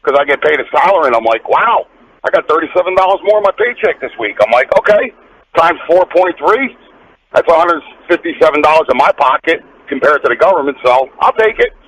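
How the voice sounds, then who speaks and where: A man with a New Jersey accent calling in to a radio show, upbeat and lively. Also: a little high, brisk, muffled recording, a little hiss or hum. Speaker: radio caller. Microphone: phone.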